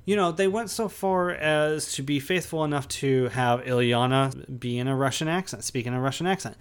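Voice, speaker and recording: A man with a smooth, resonant voice talks through a film review in a loose, rambling way. He circles back on himself often and leans on fillers as he goes, all in a middle pitch. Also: moderate pace. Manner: rambling, many restarts and fillers. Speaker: podcast co-host. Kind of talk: casual movie review chat.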